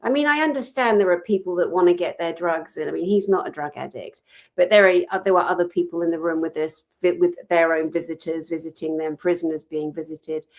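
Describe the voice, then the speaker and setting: A woman co-hosting a casual chat, speaking in a passionate, outspoken, animated storytelling manner. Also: fairly low pitch, fairly quick. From Britain. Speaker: co-host.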